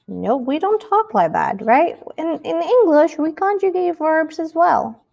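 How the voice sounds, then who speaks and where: A woman's voice: extremely high pitch, animated, unhurried, creaky, darkish tone. A woman teaching a Spanish lesson, speaking patiently and asking the listener rhetorical questions. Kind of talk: recorded classroom lesson.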